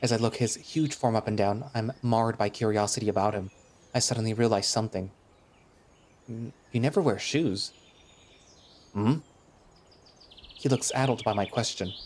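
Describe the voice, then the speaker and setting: A man's voice: fairly low pitch, steady tone, a little fast, darkish tone. A man narrating a visual novel in the first person, in a casual, chatty way that turns hesitant in dialogue.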